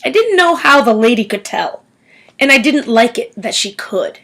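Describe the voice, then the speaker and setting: Woman reading a chapter aloud, kinda high voice, really lively pitch. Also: normal speed, poor audio. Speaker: audiobook reader.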